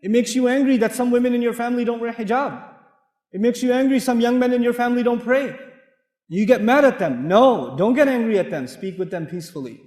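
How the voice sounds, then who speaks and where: A man with a high, lively voice delivers a sermon to an audience, often laughing and acting out the voices in his stories. His voice echoes through a large reverberant hall. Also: brisk. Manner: animated, swings between loud and hushed, laughs often; acts out dialogue in his stories. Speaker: Islamic speaker.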